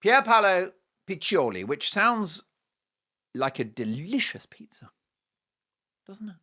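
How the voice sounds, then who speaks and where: A man's voice: sits high, sing-song, slow, pushed and bright. Scornful man, theatrical monologue. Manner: scornful, theatrical, sarcastic, punchy lists. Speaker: talk show host. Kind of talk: opinionated monologue.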